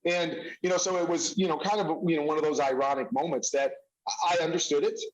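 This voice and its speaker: Reflective, fairly high-voiced male guest. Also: steady tone, fast, rough recording. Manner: reflective and humble, many fillers and restarts. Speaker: interview guest, former football quarterback. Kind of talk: conversational interview.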